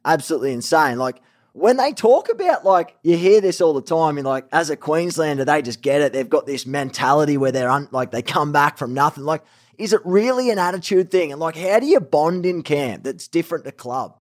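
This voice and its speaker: A man's voice: a little high, animated, brisk. A man hosting a casual interview, enthusiastic, swearing freely and calling his guest "mate". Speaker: podcast host.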